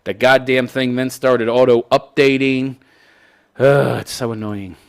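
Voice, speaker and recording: A man's voice: medium pitch, steady tone, takes it slowly, clear, resonant tone. A man hosting a live online show, ranting in casual, sarcastic and profane commentary.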